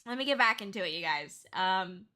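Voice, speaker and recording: A woman's voice: medium pitch, expressive, a little fast, bright, forceful tone. A young woman from Canada streaming live, chatting casually with chat and thanking viewers. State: tearful and shrieking with excitement. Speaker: VTuber streamer. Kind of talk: casual livestream chat reading chat.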